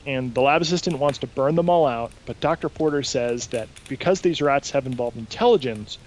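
A man hosting a podcast, casually recapping a show in an animated way and swearing freely. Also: mid-range voice, brisk, a little hiss or hum, low-quality recording. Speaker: podcast host. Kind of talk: casual chat, recapping an episode.

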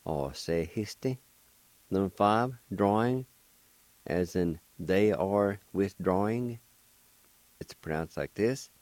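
A deep-voiced, animated man teaches a language on the radio, speaking slowly with frequent pauses and a slightly mellow tone. The studio has no room sound, and he patiently spells each word letter by letter, then pronounces it syllable by syllable.

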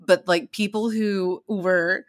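A woman's voice: mid-range voice, steady tone, slow pace. A woman chatting enthusiastically on a podcast, rambling through her points. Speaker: podcast cast member. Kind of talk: casual chat.

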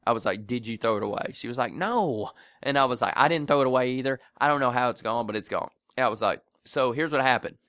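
A man's voice: mid-range voice, fast, few pauses, dry recording, clean studio sound. A man co-hosting a podcast, telling a story in casual chat and acting out the voices of the people in it, laughing often. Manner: animated, acts out voices in stories, laughs often. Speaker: podcast co-host.

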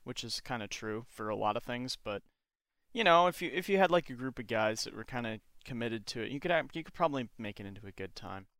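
Smooth-voiced joking young man host. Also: mid-range voice, expressive, fast, a bit bright, no room sound, studio quality. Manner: joking, ironic, laughs often. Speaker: podcast host. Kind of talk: casual podcast chat.

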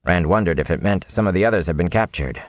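A man reading a fantasy novel aloud in animated, expressive audiobook narration. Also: sits low, fast, dry recording, highs cut off.

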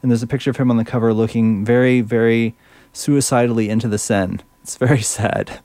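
A man's voice: mid-range voice, fairly even intonation, fairly quick, a little mellow, no echo. Chatty male radio host introducing songs. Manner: chatty, fumbles French words, enthusiastic.

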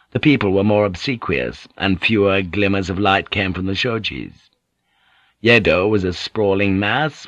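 A man narrating an audiobook in a measured, descriptive reading. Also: on the low side, a bit bright, no room sound, muffled recording. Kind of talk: scripted narration.

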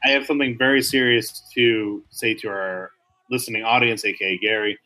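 A man's voice: medium pitch, steady tone, fairly quick, sharp tone, low-quality recording. A man co-hosting a comedy podcast, rambling through mock-serious apologies. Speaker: podcast co-host. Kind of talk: casual comedic chat.

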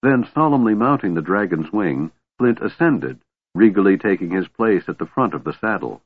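A man narrating a fantasy audiobook in a steady, measured storytelling manner. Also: deep voice, breathy edge. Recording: tinny phone-like dry sound.

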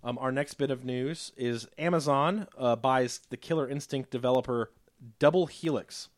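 A man's voice: mid-range voice, moderate pace. A man co-hosting a gaming podcast, running through news items in an easygoing, joking way. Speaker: podcast co-host reading news. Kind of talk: casual chat and news rundown.

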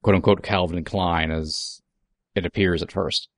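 A man with a fairly low voice drops short, wry comments into a casual movie discussion. The recording is dry and close. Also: steady tone, unhurried, fairly bright tone, dry recording. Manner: wry, chiming in with quips. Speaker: podcast co-host.

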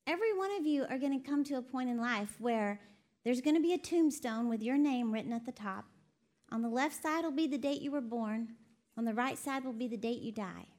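Addressing a women's conference in a session hall, a woman starts out joking and chatting, laughing often, then grows earnest as her sermon goes on. Her voice is on the high side and somewhat dark in tone.

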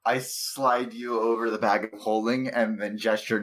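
A man's voice: on the low side, little pitch movement, moderate pace, a bit bright, rough recording. A man playing a tabletop game online, joking and playful in casual banter. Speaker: player.

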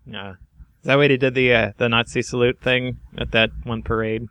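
A man co-hosting a comedy podcast in casual chat, dropping dry deadpan quips. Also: medium pitch, moderate pace, clear, resonant tone. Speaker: podcast co-host and editor.

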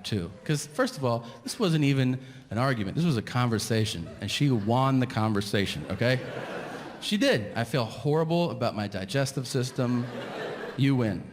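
A man's voice: mid-range voice, background noise. A middle-aged man telling a stand-up comedy story, ranting and acting out both sides of the dialogue. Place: large theater stage. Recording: live venue reverb with crowd. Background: audience laughter.

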